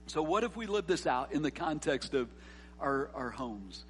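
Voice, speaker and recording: A man preaching a sermon, earnest, rising to emphatic peaks and dropping soft on key words. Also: a little high, sing-song, moderate pace, slight background noise. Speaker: pastor.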